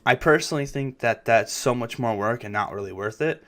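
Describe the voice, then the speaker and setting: Young male gaming host, loose casual chat, swears freely and repeats words when he restarts, mid-pitched voice, faint music underneath. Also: brisk, fairly bright tone. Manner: rambling, profane, stammering restarts.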